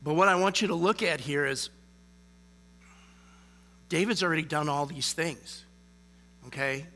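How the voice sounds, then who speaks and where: Bright-voiced man preaching casually. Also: on the high side, a little slow. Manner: conversational, frequent "okay?" check-ins. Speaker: lay preacher. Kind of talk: casual sermon.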